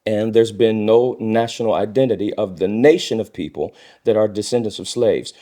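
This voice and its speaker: A man's voice: lowish voice, moderate pace, mellow. A middle-aged man speaking earnestly as a guest in a casual discussion, often acting out quoted speech in a raised voice.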